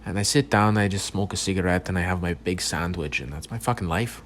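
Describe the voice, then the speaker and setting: Brief: young male podcaster, deep low voice, loose profane rambling monologue, frequent false starts. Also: brisk, a little hiss or hum. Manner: rambling, profane, stumbling restarts. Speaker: podcast host. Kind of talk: casual solo podcast monologue.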